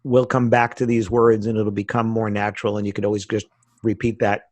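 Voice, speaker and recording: A man's voice: lowish voice, level tone, a little fast, a little mellow, no echo. A middle-aged American man from the United States, a podcast guest chatting casually and telling stories with frequent laughs. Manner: chatty storyteller, laughs often.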